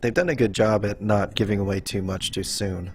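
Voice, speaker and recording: A man hosting a let's play, commenting casually and thinking out loud with many okays as he works through puzzles. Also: fairly low pitch, brisk, breathy edge. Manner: relaxed, musing aloud with frequent okays and hms. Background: faint game music.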